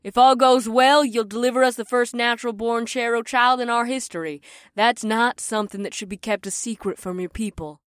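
A woman's voice: on the high side, fairly quick, no echo, clean studio sound, lightly acted. A woman voicing an assertive three-horned rhino-woman advisor in an audiobook, speaking firmly and persuasively. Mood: insistent. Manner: firm, persuasive. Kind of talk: audiobook character voice.

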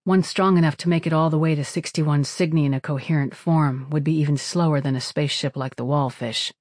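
Steady, dry audiobook narrator. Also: mid-range voice, a little fast, no echo. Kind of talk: scripted narration.

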